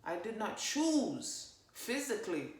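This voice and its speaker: A woman giving a casual spiritual monologue, swearing freely and talking with emphatic, animated energy. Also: mid-range voice, slow. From parents from Jamaica. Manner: profane, animated, emphatic, fillers. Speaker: spiritual channeler vlogger. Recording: roomy echo.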